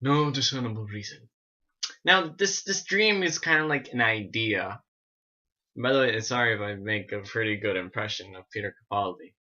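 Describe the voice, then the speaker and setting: Rambling man with a bright voice. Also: on the low side, normal speed, highs cut off. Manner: rambling, animated, many restarts and asides. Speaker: vlogger. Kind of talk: casual storytelling vlog.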